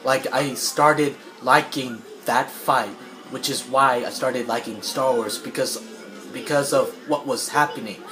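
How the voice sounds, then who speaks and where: Playing a game with its music in the background, a man with a steady, medium-pitched voice retells a film's plot at an unhurried pace. The story wanders, packed with fillers and false starts, and he clears his throat along the way.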